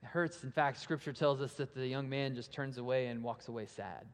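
A man preaching a sermon, asking rhetorical questions that swell and then drop to a hush, and animated when he acts out story voices. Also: medium pitch, a little fast. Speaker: pastor. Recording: long reverb of a large hall.

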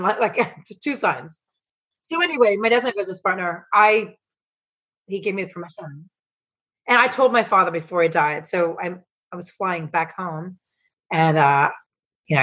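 Low husky-voiced woman telling stories. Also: fairly bright tone. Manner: emotional, swears freely, rambling with quick restarts. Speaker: podcast guest, coach and founder. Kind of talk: candid storytelling interview.

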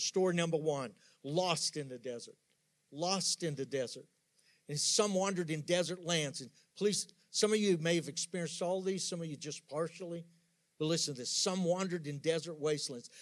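A man pastor preaching a sermon, emphatic, swinging between loud rising outbursts and sudden soft drops. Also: on the high side.

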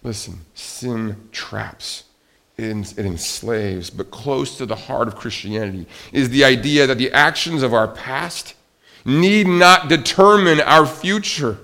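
A middle-aged man preaching a sermon, rising to loud emphatic peaks and dropping to quiet, confessional lows. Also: a little slow, gravelly. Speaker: pastor.

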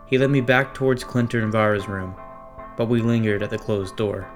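Over clear background music, a man narrates a first-person horror story in a tense, dramatic style. His voice is on the low side and a little fast.

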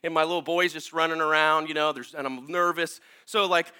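A male pastor preaching a sermon in a casual, animated way, laughing as he tells a story and talking with many fillers. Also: fairly high pitch, brisk, smooth.

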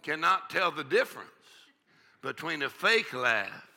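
A man's voice: on the high side, very animated, a little slow, vocal fry, bright, forceful tone. A male pastor with a drawl preaching a charismatic sermon in a church, laughing and whooping often. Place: church sanctuary with congregation.

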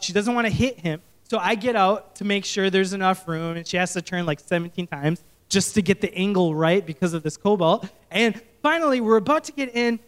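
A male pastor preaching and telling a story, animated and often correcting himself. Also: sits high. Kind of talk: sermon storytelling.

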